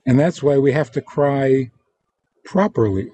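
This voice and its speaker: A man who is a religious teacher, answering interview questions in a deliberate way and acting out quoted lines in different tones. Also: medium pitch, animated, warm tone, no echo. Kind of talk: interview guest explaining teachings.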